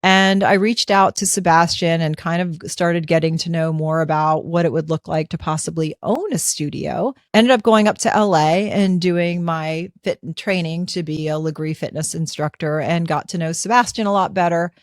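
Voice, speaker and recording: A woman in her fifties tells a personal story as a podcast host. She talks in an animated, conversational way and acts out her own thoughts. Her voice sits slightly low, and the close mic gives a dry sound. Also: moderate pace, hardly any pauses, dry recording.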